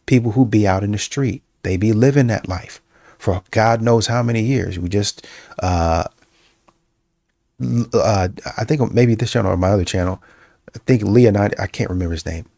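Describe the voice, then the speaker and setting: A man with a low, gravelly voice holds forth in casual reaction commentary, repeating his points with emphasis and plenty of fillers. The sound is dry and close, with no room echo. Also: normal speed. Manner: repetitive and emphatic, with many fillers and restarts; breaks into mocking, animated quoting.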